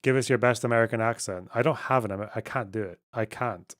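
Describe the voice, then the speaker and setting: A man's voice: mid-range voice, quick pace, a bit bright. Blunt, swearing Scottish streamer man. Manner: blunt, profane, sarcastic. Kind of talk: casual livestream chat reading.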